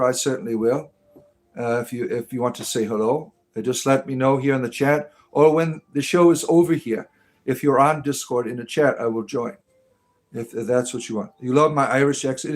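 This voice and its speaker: A man's voice: mid-range voice, fairly even intonation, normal speed, soft background music. Rambling, teasing man hosting a livestream. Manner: rambling, teasing, many fillers. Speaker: livestream host. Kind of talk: casual livestream chat.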